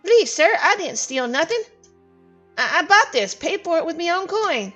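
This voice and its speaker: A woman voicing a poor, frightened male refugee in a game scene, pleading in rough folksy speech. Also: very high-pitched, big pitch swings, normal speed, fairly bright tone, faint music behind, pitched above the performer's own voice, heavily acted.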